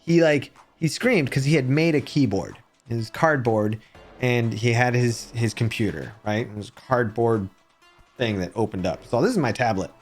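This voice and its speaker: A man streaming live, chatting casually with his viewers and telling rambling, animated stories. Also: medium pitch, normal speed, soft background music. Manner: rambling, animated storytelling with chat shout-outs.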